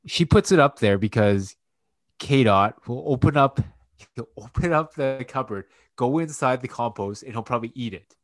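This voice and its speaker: A man's voice: medium pitch, animated, moderate pace, no echo. A man in his thirties, a podcast co-host and father, telling loose, profane stories full of fillers. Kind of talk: casual chat.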